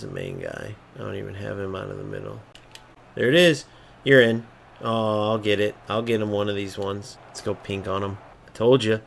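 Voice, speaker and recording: Angry profane gaming ranter. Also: male voice, fairly low pitch, creaky, a little hiss or hum. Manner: angry, profane, swings between mocking and muttering. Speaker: gaming streamer. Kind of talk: ranting live gameplay commentary.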